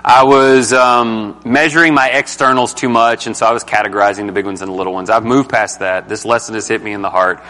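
A man's voice: fairly low pitch, steady tone, brisk, few pauses, bright, forceful tone, big-room sound. A man teaching a group Bible study in a casual, emphatic way, often asking the group questions.

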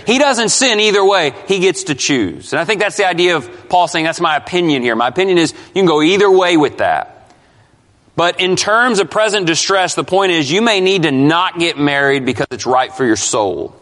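A man's voice: on the high side, sing-song, normal speed, a bit bright. A male pastor preaching an expository sermon, emphatic and questioning his congregation. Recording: long hall reverb.

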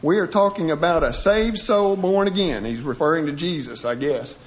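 A man's voice: a little high, moderate pace. A man teaching a sermon-style Bible lesson, reading passages aloud and then breaking them down piece by piece with frequent restarts. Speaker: preacher. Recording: dull lo-fi recording.

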